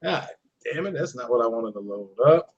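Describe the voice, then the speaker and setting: Upbeat podcast host, muffled lo-fi audio. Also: male voice, medium pitch, animated, normal speed. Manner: upbeat, repeats shout-outs and greetings. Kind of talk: casual live-stream chat.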